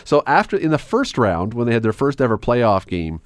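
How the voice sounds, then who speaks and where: A man's voice: medium pitch, very animated, fairly quick, dry recording. A man hosting an evening radio talk show, chatty and playful, laughing often as he talks in the studio. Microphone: studio microphone.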